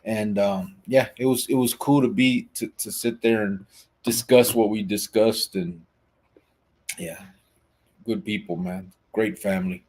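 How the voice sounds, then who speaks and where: A man's voice: lowish voice, fairly even intonation, a little slow, a little mellow. A man hosting a live podcast, talking in a laid-back, rambling way with lots of fillers. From Arizona, US. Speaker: podcast host. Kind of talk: casual live podcast chat.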